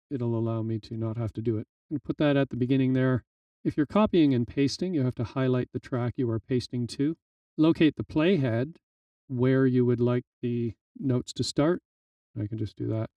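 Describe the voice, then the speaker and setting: Male tutorial host, relaxed explainer with plenty of fillers, dark mellow tone, dry room, set back from the mic. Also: medium pitch, no room sound, distant mic. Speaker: music tutorial instructor. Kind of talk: screen-recorded software tutorial.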